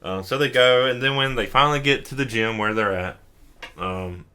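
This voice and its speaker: A man's voice: mid-range voice, normal speed, pushed and bright, clean tone. A drunk young man hosting a casual anime recap, rambling with lots of fillers, swearing and chuckling. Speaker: host.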